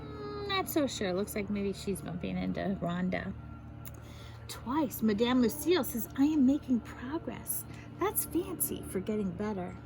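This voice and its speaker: A woman, a teacher, reading a picture book aloud to children in an animated way, stopping to explain the fancy words. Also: medium pitch, measured pace, gravelly, soft background music, poor audio.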